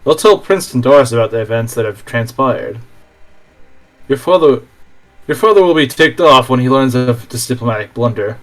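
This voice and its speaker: A man plays a blunt, loyal soldier companion with a matter-of-fact delivery in a mid-pitched voice. This is fan voice acting for a game. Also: animated, normal speed, fairly bright tone, close to an everyday voice, poor audio. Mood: concerned.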